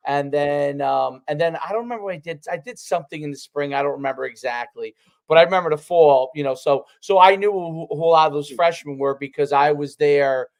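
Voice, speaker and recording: A former player reminisces on a casual podcast. His voice sits slightly high, and he rambles, stacking fillers and restarting his sentences. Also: brisk. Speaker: podcast co-host, former college football player.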